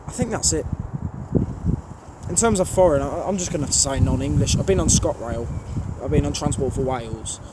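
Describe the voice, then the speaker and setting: A trainspotting channel host with a strong Birmingham accent answers viewer questions in a casual vlog shot outdoors at a railway station, blunt and rambling with plenty of fillers. His voice is a little high and a little fast, with outdoor background noise.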